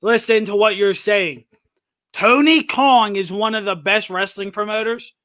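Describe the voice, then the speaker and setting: Bright high-voiced male co-host interrupting. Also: a little slow, no room sound, studio quality. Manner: interrupting, argumentative, challenging the host. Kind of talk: casual wrestling talk podcast.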